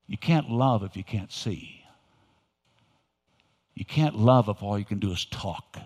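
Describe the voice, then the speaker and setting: An older man, a pastor, preaching a sermon with folksy storytelling that swings into loud emphasis. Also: lowish voice, lively intonation, unhurried. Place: church sanctuary. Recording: reverberant hall.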